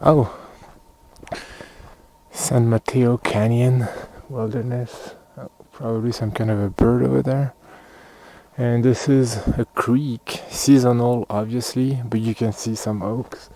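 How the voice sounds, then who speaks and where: Filming on a cold outdoor trail, a French-accented hiking vlogger from France makes casual walking commentary, slightly winded and muttering asides. He speaks in a mid-range, steady, warm voice at a measured pace, though the audio is poor.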